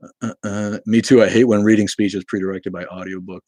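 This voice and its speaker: A man's voice: lowish voice, little pitch movement, fairly quick, a little mellow, no echo. A man hosting a casual livestream, chatting with viewers in a rambling way with lots of fillers and restarts. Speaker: livestream host reading chat. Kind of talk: casual live-stream chat.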